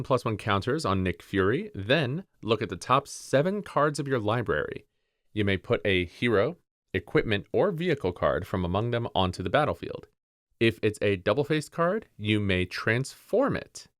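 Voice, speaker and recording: A man co-hosting a podcast, calmly and methodically explaining card game rules in casual chat. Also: fairly low pitch, dry recording, clean studio sound. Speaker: podcast co-host.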